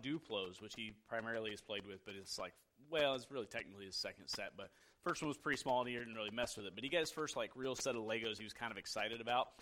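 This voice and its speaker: Bright, punchy dad voice, chatty story about his kid, does the kid's lines too. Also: medium pitch, rough recording. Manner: chatty, acts out his son's lines in quick dialogue. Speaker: father telling a family story. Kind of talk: casual personal storytelling.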